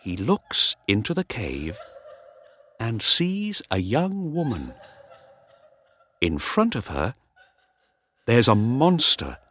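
A man narrating a storybook slowly and clearly, paced for learners. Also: mid-range voice, wildly swooping pitch, a bit bright. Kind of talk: storybook reading.

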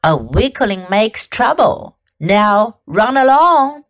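A woman voicing a farmer father who speaks gently but firmly. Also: on the high side, very animated, slow pace.

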